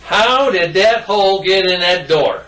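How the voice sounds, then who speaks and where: An old man voicing a gruff stern father. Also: high-pitched, lively intonation, a little slow, fairly bright tone, pitched above the performer's own voice. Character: stern middle-aged father scolding his son. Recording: roomy distant mic, faint noise.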